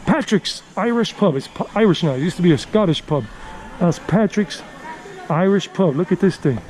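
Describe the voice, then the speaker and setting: A man rambles through a casual walking tour of city streets, repeating himself as he points things out. His voice sits a little high, and it is recorded on a handheld camera mic. Passing cars and the noise of the street come through clearly behind him. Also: mellow, rough recording. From United States. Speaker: tour guide vlogger. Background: city traffic and street ambience.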